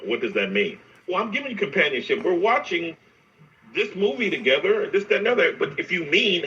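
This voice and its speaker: Animated bright-voiced man, distant and dull. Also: high voice, a little fast. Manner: animated, acts out quotes in put-on voices. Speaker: co-host. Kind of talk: casual debate talk. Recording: distant, dull radio-style sound.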